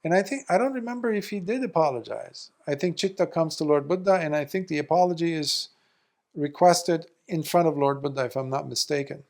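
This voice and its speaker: A man's voice: a little fast, creaky. A man, a Buddhist monk, giving a storytelling Dharma talk and acting out the people in the tale. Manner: animated storyteller, acting out quoted speakers with big jumps in pitch and loudness.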